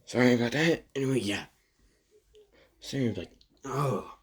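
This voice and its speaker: A man narrating an improvised fan story, halting and full of fillers, with a husky voice. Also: fairly low pitch, darkish tone, slight background noise. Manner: halting, filler-heavy, many restarts.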